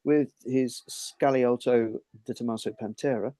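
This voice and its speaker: A man's voice: mid-range voice, steady tone, measured pace, dark tone, no room sound. A man co-hosting a casual podcast, reading out race results in a dry, understated way. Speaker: podcast co-host. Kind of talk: casual chat.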